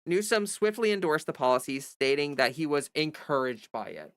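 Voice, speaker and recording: A young woman on a livestream, working through a news article at her desk microphone. Her voice is somewhat low for a woman, and she reads plainly but with an exasperated, sarcastic edge that keeps breaking through. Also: sing-song, normal speed, dry recording, clean studio sound. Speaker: livestream commentator. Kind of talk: reading an article and ranting commentary.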